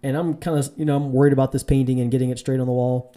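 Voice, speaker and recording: A man's voice: fairly even intonation, very fast, mellow. A man casually telling a dating story to camera, rambling with fillers and restarts. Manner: rambling, full of fillers and restarts, mimics women in a high voice. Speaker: vlogger giving dating advice.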